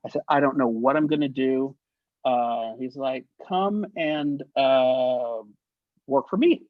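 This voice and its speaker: A man telling show-business stories as an interview guest, in a lively way, acting out the voices he quotes. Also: medium pitch, takes it slowly, no room sound. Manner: animated anecdotes, acts out quoted voices, laughs often. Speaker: guest, actor and effects artist. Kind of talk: casual storytelling interview. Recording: dull, lo-fi sound.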